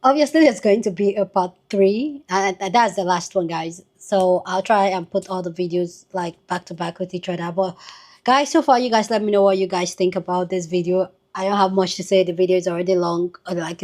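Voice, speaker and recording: A woman's voice: on the low side, fairly even intonation, brisk, darkish tone. A woman hosting her channel, talking casually and directly to her viewers. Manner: casual, direct address to the audience. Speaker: channel host.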